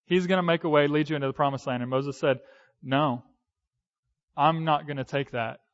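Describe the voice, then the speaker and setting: A pastor in his thirties delivers a sermon in an easygoing, conversational style, often pausing on fillers and restarting sentences. His voice is a little high for a man, with fairly even intonation, and the recording sounds dull and lo-fi.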